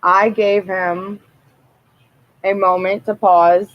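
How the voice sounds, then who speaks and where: A woman's voice: medium pitch, flat delivery, takes it slowly, muffled recording. A woman telling personal stories in a blunt, rambling and profane casual monologue.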